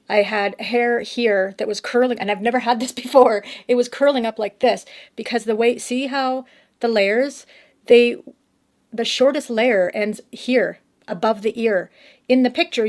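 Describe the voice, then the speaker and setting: A woman vlogger telling a story to camera, emotional and rambling, often restarting her sentences. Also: a little high.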